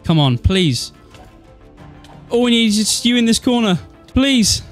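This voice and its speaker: A man giving excitable, nervous let's-play commentary, exclaiming and talking to himself as he plays. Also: very high voice, unhurried, long pauses, soft background music. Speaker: gaming YouTuber.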